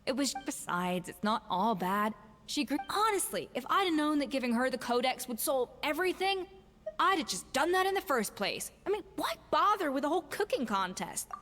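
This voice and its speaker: A woman voicing a composed female head chef in a video game, speaking in a calm, measured and gently reproving manner. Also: sits high, slight background noise. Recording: game audio with long reverb and faint music.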